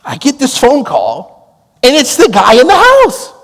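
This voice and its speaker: A man preaching a storytelling sermon, drawing on his time as a police negotiator and acting out the dialogue with lively energy. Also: very high voice, measured pace, in a large hall. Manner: animated, acts out quoted dialogue with laughs.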